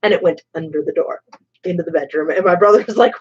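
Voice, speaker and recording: A woman hosting a stream, telling a story in a casual, animated way with some swearing. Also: fairly low pitch, fast talker, slightly rough, dull audio. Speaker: streamer host. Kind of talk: casual storytelling while painting.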